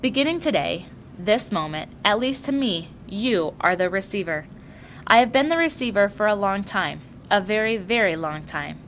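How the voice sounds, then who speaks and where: A woman voicing a weary old man who is gentle and burdened, speaking in a slow, grave and measured way. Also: mid-range voice, animated, a little hiss or hum, lightly acted.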